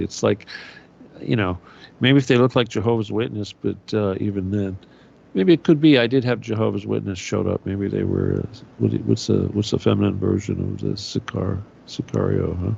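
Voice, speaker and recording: Gravelly ranting man on lo-fi audio. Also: on the low side, moderate pace. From United States. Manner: ranting, profane, sarcastic. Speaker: radio show host. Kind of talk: conspiratorial monologue.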